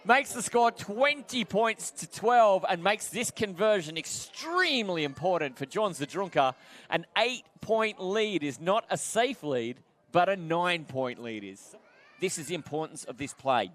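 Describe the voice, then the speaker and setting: A man with an Australian accent calling a game as an excitable play-by-play commentator who climbs to shouts on the big plays. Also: high-pitched, slight background noise.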